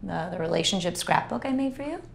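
A woman's voice: lowish voice, lively intonation, fast, gravelly, a little hiss or hum. A sarcastic, exasperated girlfriend. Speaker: girlfriend in a comedy sketch. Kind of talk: scripted comedy sketch acting.

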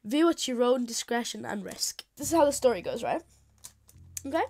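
A woman's voice: a little high, expressive, moderate pace, darkish tone. A woman telling a funny story to friends over gameplay, giggling as she talks. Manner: giggly, laughs through her story. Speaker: storyteller and channel host.

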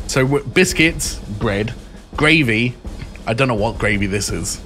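A man's voice: on the low side, lively intonation, normal speed, soft background music. A young man streaming live, reading items aloud and reacting with crude, joking remarks. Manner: crude, joking, reacts loudly to each item.

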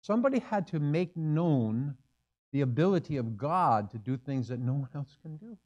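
A man's voice: fairly high pitch, animated, normal speed, darkish tone, lo-fi sound. Man preaching with rhetorical questions. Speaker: pastor. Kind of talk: sermon. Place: church sanctuary.

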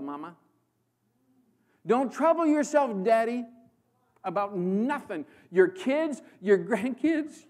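A man from the American Midwest preaching a sermon as a guest preacher, swinging between loud proclamation and hushed emphasis. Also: extremely high pitch. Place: church.

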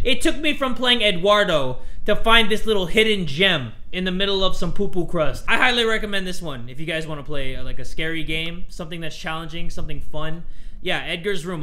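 Excitable young man shouting at game scares. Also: high-pitched, slight background noise. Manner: excitable, yells and swears at scares. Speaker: gaming YouTuber. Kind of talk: let's play commentary.

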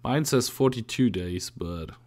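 Animated Russian-accented man gaming. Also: on the low side, a little slow. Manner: animated, thinking aloud. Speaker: gamer. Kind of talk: casual gaming chat.

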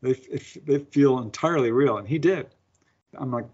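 Male guest, animated storyteller who acts out his own lines, mid pitch, muffled call audio. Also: a little fast, breathy edge. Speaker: guest, author and experiencer. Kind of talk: casual storytelling interview.

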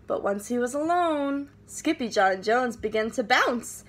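A teacher reading a picture book aloud to her class with expressive, animated storytelling. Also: a little high, unhurried, few pauses, slight background noise.

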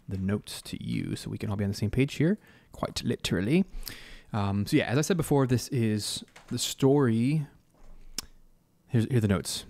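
A man's voice: mid-range voice, moderate pace, vocal fry, a little mellow, soft background music. A man hosting a live stream, casually talking through his composing ideas and humming bits of melody as he goes. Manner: thinks aloud, hums and scats melody ideas.

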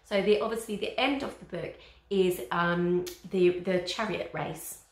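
A woman's voice: fairly low pitch, fairly even intonation, measured pace, reverberant. A woman teacher reading a chapter book aloud and chatting to her class about it.

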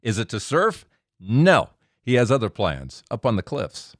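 Podcast host guy, lowish voice, dry close sound, hypes things up with questions. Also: huge pitch swings, a little slow, dry recording. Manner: enthusiastic reactions, rhetorical questions. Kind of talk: casual chat and dramatic teaser narration.

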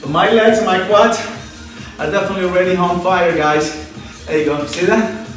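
A male fitness instructor with a high-pitched voice leads a live home workout, out of breath as he energetically cheers people on and counts reps aloud. He talks at a moderate pace, recorded at a distance in a very echoey room with soft background music.

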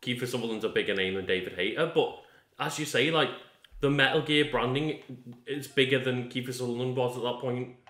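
A man hosting a let's play, chatting in a relaxed, agreeable way and laughing often. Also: mid-range voice, brisk. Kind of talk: casual gaming chat. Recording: roomy echo.

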